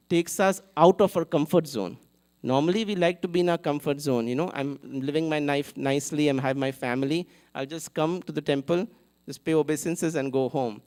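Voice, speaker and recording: Brief: male temple speaker, slightly higher voice, chatty storytelling sermon delivered live. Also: a little mellow. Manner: conversational storytelling, acting out the characters.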